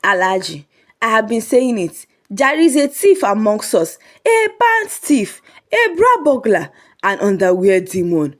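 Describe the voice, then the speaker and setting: A woman's voice: mid-range voice, very animated, measured pace. Woman doing an outspoken auntie. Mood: accusing. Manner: emphatic, exasperated.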